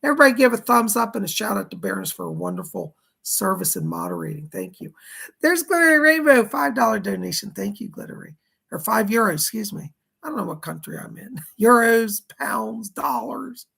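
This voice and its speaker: This psychic streamer's voice is deeply rough and gravelly, hoarse from a dry throat. He talks a little fast in a sharp tone with huge pitch swings, chatting between spirit messages and name-checking viewers with thanks.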